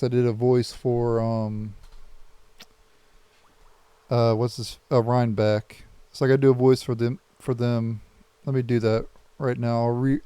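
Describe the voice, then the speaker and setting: A man hosting a gaming channel, reading game dialogue aloud for viewers in a plain, unhurried way with small restarts. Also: mid-range voice, warm tone, clean tone, no room sound.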